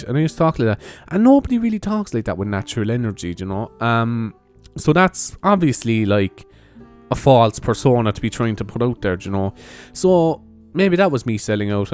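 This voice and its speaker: A man's voice: medium pitch, darkish tone, clean tone. A young man, a comedian, hosting his own podcast in a rambling, laid-back style, swearing freely and laughing at his own jokes. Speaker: podcast host. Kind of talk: casual solo podcast chat. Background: faint music and church bells.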